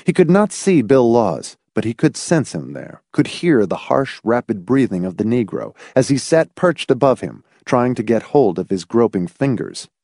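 A man narrating a novel in an expressive storytelling reading. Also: mid-range voice, moderate pace, few pauses, no room sound, studio quality. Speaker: audiobook narrator. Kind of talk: scripted narration.

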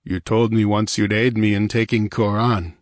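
A man reading aloud, voicing a grim, confident male barbarian warrior who speaks calmly and with certainty. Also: fairly low pitch, moderate pace, no echo, clean studio sound, natural voice. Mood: cold, certain. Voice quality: calm, imperturbable.

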